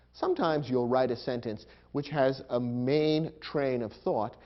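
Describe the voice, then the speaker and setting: A man's voice: mid-range voice, highs cut off. Patient man explaining a grammar lesson. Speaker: teacher. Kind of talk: scripted instructional narration.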